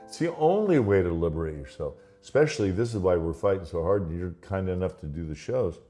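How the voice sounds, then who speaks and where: A man's voice: deep voice, lively intonation, brisk, dark tone, faint music behind. A man telling stories in a casual conversation, laughing often and acting out the voices in his anecdotes.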